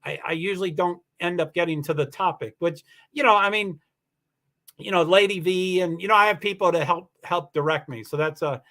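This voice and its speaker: A man's voice: high-pitched, a little fast, pushed and bright. A middle-aged man hosting a casual livestream, telling a rambling story with lots of restarts and reading viewer comments aloud. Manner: rambling, many restarts, laughs while telling stories.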